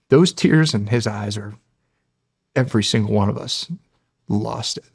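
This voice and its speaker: A middle-aged man, a former Navy SEAL, telling animated stories as a guest in a long interview, acting out quotes and often restarting his sentences. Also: on the low side, normal speed, creaky, long pauses, slightly rough, dry recording, studio quality. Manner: animated storyteller, acts out quotes, frequent restarts. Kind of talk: storytelling in a long-form interview.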